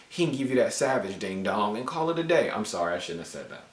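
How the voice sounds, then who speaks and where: Casual male comic reviewer, lower voice, animated and cussing, roomy echo. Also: fast talker, few pauses, recorded from a distance. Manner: animated, joking, profane.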